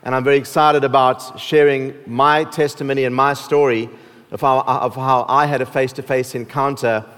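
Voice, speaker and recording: South African pastor preaching in a hall. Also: male voice, mid-range voice, little pitch movement, normal speed, fairly bright tone, smooth. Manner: joking, with laughs and restarts. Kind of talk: sermon. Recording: long hall reverb.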